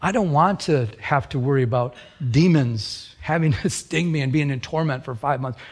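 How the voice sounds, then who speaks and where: A male pastor delivers a sermon in a somewhat high voice. He tells stories in an animated way and circles back on key phrases, doubling words to drive each point home. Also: slightly rough. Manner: animated storytelling, repeats phrases for emphasis.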